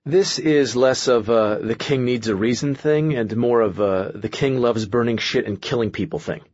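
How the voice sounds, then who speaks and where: A man's voice: medium pitch, normal speed, a little mellow, no room sound, highs cut off, lightly acted. A man voicing an anxious young man in an audiobook, nervous and rambling as he talks.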